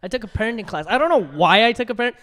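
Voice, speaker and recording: High bright-voiced young man telling stories. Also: rapid-fire. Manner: animated storytelling with frequent laughter. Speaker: podcast co-host. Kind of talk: casual chat.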